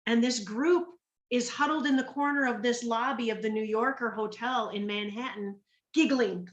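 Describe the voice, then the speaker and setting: A woman's voice: a little high, normal speed, echoey room, far from the mic, dull audio. A woman from Minnesota telling her story to an online group, acting out the voices of the people she quotes. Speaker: guest speaker on a training call.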